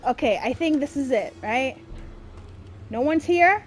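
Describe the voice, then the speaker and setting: High, animated woman, frightened gamer. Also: unhurried. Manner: frightened, swearing, yelling at the game. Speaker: gamer playing a horror game. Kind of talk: horror let's play commentary.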